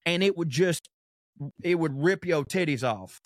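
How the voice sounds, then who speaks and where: Young guy rambling and cussing on a podcast, kinda high voice, dead dry mic. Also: expressive, measured pace, no room sound. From American South. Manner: rambling, profane, laughs often. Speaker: podcast co-host. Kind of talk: casual chat.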